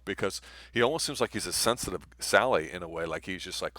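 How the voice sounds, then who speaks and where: A man's voice: deep voice, fast, fairly bright tone, dry recording. A man co-hosting a casual movie review show, talking in a rambling, enthusiastic way with lots of fillers.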